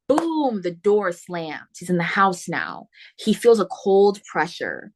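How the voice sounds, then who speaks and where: A woman hosting a book podcast, retelling a horror novel's plot in a casual, animated way with slangy asides. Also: fairly low pitch, takes it slowly. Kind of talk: casual spoiler book talk.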